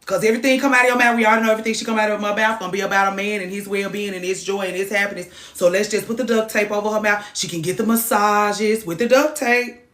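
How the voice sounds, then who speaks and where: A woman hosting a talk show, giving animated, profane advice that swings from loud outbursts to low muttering. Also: quick pace. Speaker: host. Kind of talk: lively advice talk to a caller. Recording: echoey room.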